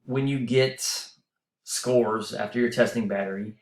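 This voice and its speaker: A man's voice: medium pitch, steady tone, unhurried, roomy sound. A man teaching a university class in a casual, explanatory way, with fillers and restarts. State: running out of breath. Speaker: university instructor. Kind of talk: recorded lecture voice-over. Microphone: voice-over mic.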